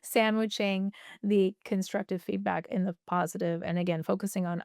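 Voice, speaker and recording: A woman speaking as a podcast guest explains her ideas patiently, often tagging her points with "right?" Her voice is smooth and clear at a middle pitch. The recording is dry and close. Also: steady tone, normal speed, few pauses, no echo. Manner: warm explanatory, tags with "right?", laughs lightly. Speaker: sexologist guest. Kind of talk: explaining in an interview.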